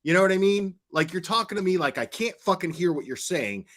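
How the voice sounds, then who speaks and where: A man's voice: high voice, expressive, fairly quick, a bit bright. A man giving angry reaction commentary, swearing often and stumbling over his words when he gets worked up. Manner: heated, profane, stammering when worked up. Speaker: commentary streamer.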